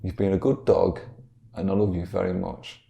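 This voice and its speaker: A man's voice: low voice, little pitch movement, normal speed, vocal fry, mellow. Man playing a lonely earnest scientist. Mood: reassuring. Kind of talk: improvised comedy podcast.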